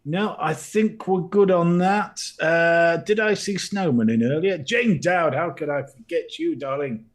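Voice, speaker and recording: A middle-aged man with a fairly high voice co-hosts a live stream, greeting viewers in an unhurried, playful, teasing way and giggling a lot.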